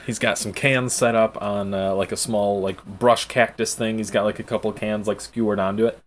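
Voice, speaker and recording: A man narrating as game master in a loose, casual way, laughing often and filling pauses. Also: on the low side, steady tone. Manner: loose and laughing, many fillers.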